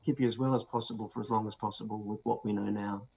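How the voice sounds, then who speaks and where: Gravelly kiwi man, low and flat. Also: fast. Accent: New Zealand. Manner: explanatory, with many fillers and restarts. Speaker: author and guest expert. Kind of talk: interview answers. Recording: dull lo-fi sound with faint noise.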